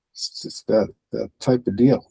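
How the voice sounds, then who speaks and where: A man's voice: mid-range voice, creaky, warm tone, breathy edge, no echo, poor audio. Chatty male podcast host, dry sound. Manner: rambling, chatty, frequent fillers. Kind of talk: casual fight-sports chat.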